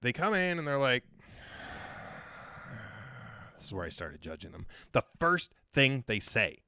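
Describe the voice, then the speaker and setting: Man, podcast guest, casual storytelling, lively swinging pitch, swears a lot. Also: slow, creaky, long pauses, no echo. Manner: animated, profane, joking.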